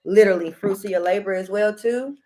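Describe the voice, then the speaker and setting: A woman talks through a tarot reading in a loose, chatty way. She keeps circling back to the same stock phrases and now and then lifts into bright bursts of excitement. Her voice sits at an ordinary middle pitch. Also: fairly quick. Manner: chatty, repeats "heavy emphasis" and "okay", bursts of excitement. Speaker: tarot reader. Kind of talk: casual tarot reading to camera.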